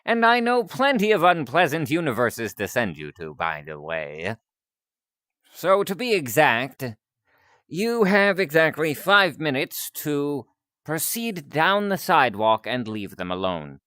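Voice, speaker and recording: A man voicing a courteous, composed male scientist doctor on a live stream, speaking in a low, quiet, measured way, polite even when threatening. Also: no echo, studio quality, exaggerated voice. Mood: coolly threatening. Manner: polite but firmly threatening. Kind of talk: live-stream character voice acting.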